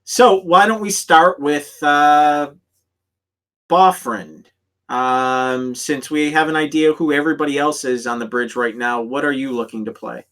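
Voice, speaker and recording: A man acting as game master, explaining rules to players with many pauses and restarts. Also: fairly high pitch, fairly even intonation, a bit bright. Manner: halting, many ums and restarts. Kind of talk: explaining rules in an online tabletop session.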